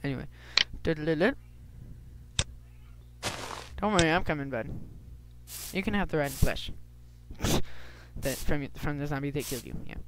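A man's voice: fairly high pitch, moderate pace, pauses often. A man commenting on his gameplay as he plays, rambling with lots of ums and yelping when startled. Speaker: let's play host. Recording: loud background noise.

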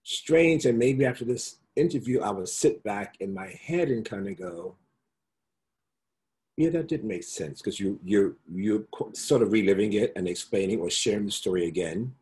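A middle-aged man, a guest in a casual interview over a video call, telling animated stories and slipping into the accents and voices of the people he quotes. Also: lowish voice, normal speed, few pauses. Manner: flamboyant, animated storyteller who slips into voices and accents.

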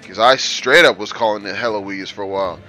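A man's voice: lowish voice, brisk, sharp tone, faint music behind. A man hosting a casual let's play, brash and trash-talking as he reads game lines aloud and mocks them. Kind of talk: casual gameplay commentary.

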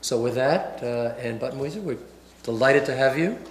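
A man hosting a breakfast talk series, introducing the guest speaker in a halting way with many pauses. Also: medium pitch. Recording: roomy with light noise.

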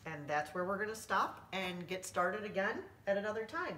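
A woman volunteer reading a children's storybook aloud with gentle, clear narration. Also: medium pitch, expressive, moderate pace, few pauses, a little hiss or hum. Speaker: volunteer reader. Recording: echoey room, reader far from mic.

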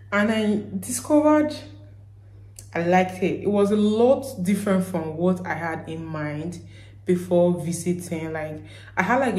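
Woman, Nigerian accent, young adult, chatty vlogger, lowish pitch, echoey room. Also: a little mellow. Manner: chatty, repeats "basically" often. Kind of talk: casual talk to camera.

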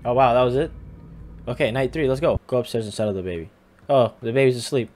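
A young man chatting his way through a game, needling the characters as he plays. His voice sits at an ordinary middle pitch, with a faint hiss of noise under it. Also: fast, a little mellow. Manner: teasing, talks back to the game characters. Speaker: gamer. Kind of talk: casual game commentary.

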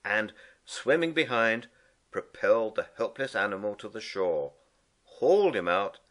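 A man reads a children's storybook aloud at an unhurried pace. His voice rises and falls with a lively melody, leaning into every turn of the tale. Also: fairly low pitch. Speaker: narrator. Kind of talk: storybook reading.

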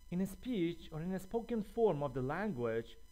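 Man teaching with lively pitch. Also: low-quality recording. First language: Persian. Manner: slow, clear explanation with repeated example sentences. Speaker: language teacher. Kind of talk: recorded language lesson.

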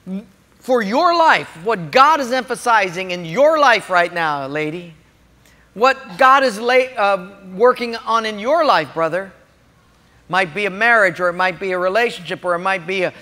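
A male pastor preaching a sermon, telling stories in an animated way and speaking directly to listeners. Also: sits high. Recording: long hall reverb.

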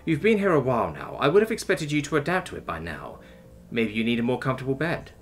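A man voicing a calm, patient male interrogator who questions mildly and evenly. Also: mid-range voice, fast talker, soft background music. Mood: calm probing. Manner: mild, even, coaxing questioning.

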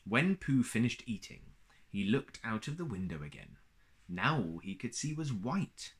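A man reading a children's story aloud in a gentle, expressive way. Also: fairly low pitch, unhurried.

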